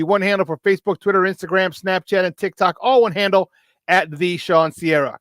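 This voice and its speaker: Male morning sports talk host, hypey, slightly high voice. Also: fast, dry recording. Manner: animated, hypey, laughs often.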